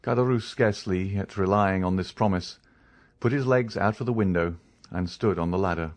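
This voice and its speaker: Male audiobook narrator, low voice, even and measured delivery of a classic novel.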